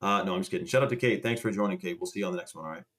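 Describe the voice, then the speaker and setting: A man's voice: deep voice, very fast, fairly bright tone. A young man casually telling a rambling story to a live chat, swearing and restarting as he goes. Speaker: livestream host.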